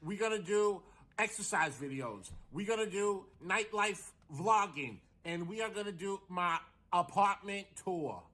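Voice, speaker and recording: A man's voice: high-pitched, lively intonation, bright, forceful tone. A man vlogging casually, chatting straight to his viewers with news and plugs. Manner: chatty, drawn-out, addresses viewers directly. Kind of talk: casual vlog announcement.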